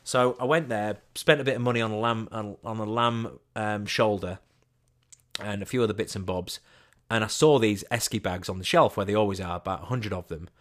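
A man telling a self-mocking comic anecdote in an animated, casual way, with many restarts. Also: fairly low pitch, a little fast. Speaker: storyteller.

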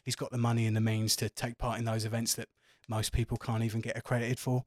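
A man's voice: mid-range voice, level tone, quick pace, dry recording, clean studio sound, lightly acted. A man playing a chatty, foul-mouthed barman who gossips and swears freely. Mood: apologetic. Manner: swears a lot, gossipy, confiding.

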